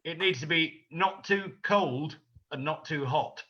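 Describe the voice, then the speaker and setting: A man's voice: fairly high pitch, unhurried, sharp tone. A man guiding a cooking session on a live stream, teasing and joking as he talks through each step. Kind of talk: casual live-stream chat. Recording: lo-fi video call audio.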